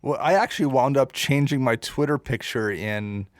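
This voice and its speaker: A podcast co-host rambles through a casual chat, full of fillers and self-deprecating asides. His mid-range voice keeps a normal speed. The recording is dry and studio quality.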